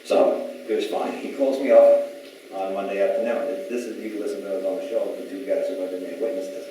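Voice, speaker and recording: A man's voice: low-pitched, steady tone, a little fast, dark tone. A man giving an emphatic storytelling talk to a live audience. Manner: emphatic, retells exchanges in quoted voices. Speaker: speaker at a public talk. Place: large echoey event hall. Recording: echoey hall from far off, faint hiss.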